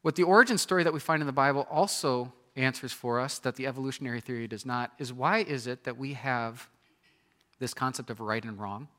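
A man's voice: mid-range voice, fairly quick, a bit bright. A man preaching a sermon in an earnest, questioning manner. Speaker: pastor.

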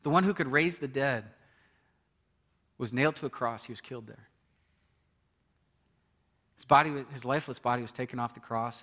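A man's voice: mid-range voice, a bit bright. A man preaching a sermon, earnest and building to emphatic points, with frequent restarts. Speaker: pastor.

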